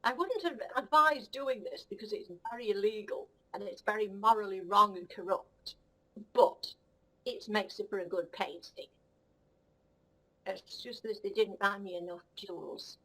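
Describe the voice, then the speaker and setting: In this low-quality clip, a woman at medium pitch and a measured pace, her tone fairly bright, performs a comic puppet-style monologue. Her character is a conceited, cheeky she-cat who giggles, rambles rudely and keeps praising herself in a cocky mood.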